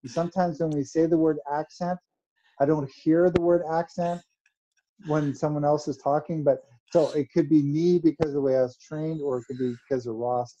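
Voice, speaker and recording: A man's voice: a little high, fairly even intonation, normal speed, dark tone. A man co-hosting a casual chat show, dry and joking, on lo-fi audio. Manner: dry joking, short agreeing replies. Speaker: podcast co-host. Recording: dull lo-fi audio.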